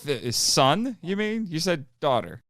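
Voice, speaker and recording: A man's voice: a little high, big pitch swings, unhurried. A man co-hosting a podcast in casual chat, teasing and dryly sarcastic. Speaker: podcast co-host.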